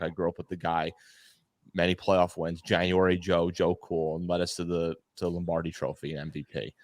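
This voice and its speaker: A man's voice: low-pitched, fairly quick, dry recording. A man in casual podcast chat as a guest fan analyst, rambling and repeating words as he talks. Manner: rambling, repeats words, animated when excited.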